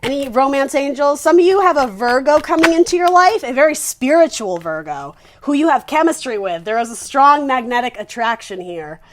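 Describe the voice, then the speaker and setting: A woman with a high, light voice gives a casual tarot reading to her viewers. She talks in a chatty, rambling way and often restarts her sentences. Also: lively intonation, brisk, hardly any pauses, slight background noise. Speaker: tarot reader.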